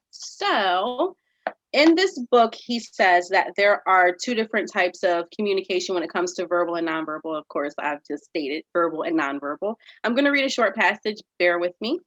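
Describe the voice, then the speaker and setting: An upbeat woman teaches children in a virtual after-school lesson, with lively delivery and a mid-range voice. The recording is slightly dull and dry, with no room echo. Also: medium pitch. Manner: upbeat, animated, reads passages aloud.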